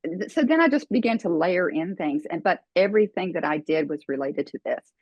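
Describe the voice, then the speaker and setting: An older woman as an interview guest, telling her story earnestly, with many fillers and pauses. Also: on the low side, animated, a little mellow, dry recording, highs cut off. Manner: earnest, emotional, halting with fillers.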